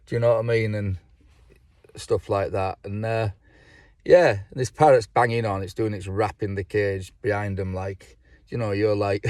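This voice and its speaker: A man's voice: fairly low pitch, normal speed, darkish tone, no room sound, studio quality. A man telling a joke to camera in a casual, rambling way, swearing freely and laughing at his own lines. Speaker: vlogger.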